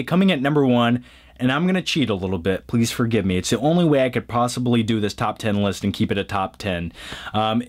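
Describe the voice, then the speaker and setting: A man hosting a casual top-ten countdown of movies, chatty and joking, often adding fillers as he talks. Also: medium pitch. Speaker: movie review vlogger.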